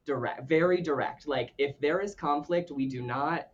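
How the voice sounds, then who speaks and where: A man's voice: a little high, normal speed. A man guest on a podcast telling family stories in a chatty, filler-heavy, self-deprecating way. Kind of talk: casual storytelling. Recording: dull lo-fi sound.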